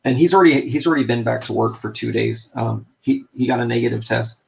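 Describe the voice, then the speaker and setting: A man's voice: medium pitch, steady tone, quick pace, vocal fry, muffled recording. A man co-hosting a casual stream, telling rambling anecdotes full of fillers and restarts. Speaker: podcast co-host. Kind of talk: casual chat, storytelling.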